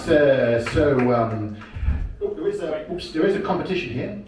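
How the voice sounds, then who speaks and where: A man's voice: on the high side, expressive, normal speed. A man hosting an open mic game on stage, chatty and hesitant, with many fillers and laughs. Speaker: host. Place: bar stage with audience. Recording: echoey room, mic from far off, crowd noise.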